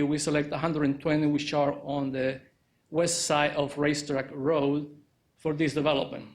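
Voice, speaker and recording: A man presenting an architecture project at a press conference, speaking haltingly with many fillers. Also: fairly high pitch. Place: indoor press conference room.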